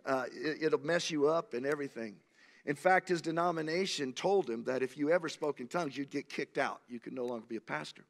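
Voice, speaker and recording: A pastor in his sixties preaches with animated, emphatic storytelling. His voice sits a little high for a man. The sound carries a long, echoing church reverb. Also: a little fast, gravelly. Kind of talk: sermon. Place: church sanctuary.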